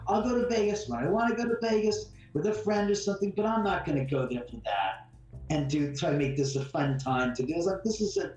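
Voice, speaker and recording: A guest homeowner whose voice sits high with a darkish tone tells a heated story bluntly during an interview, acting out each exchange. The mic is distant and the room roomy, with faint music in the background.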